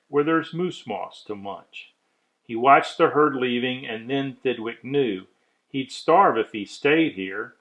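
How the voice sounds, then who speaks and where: Man reading a rhyming children's story, unhurried, mid pitch, expressive. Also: highs cut off. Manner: measured, expressive rhyming delivery. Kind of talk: rhyming storybook read-aloud.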